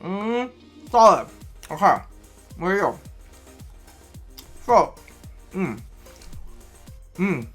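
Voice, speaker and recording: A man's voice: high voice, sing-song, extremely slow, pauses often, fairly bright tone, soft background music. A man vlogging casually to camera from his apartment, a little tipsy, rambling, chatty and swearing freely. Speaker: vlogger host.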